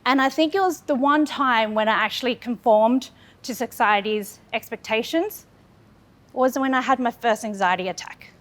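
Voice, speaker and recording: A fairly bright, higher-pitched woman in her thirties from Australia speaks at a moderate pace. She is a public speaker giving an earnest, candid personal storytelling speech about her own life, building it on repeated phrases.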